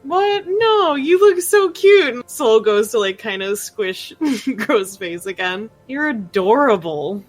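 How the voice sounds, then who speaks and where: Slow-talking woman playing a tabletop game. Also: a little high, expressive, faint music behind, poor audio. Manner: laughs often, rambling with fillers. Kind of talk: casual role-play narration.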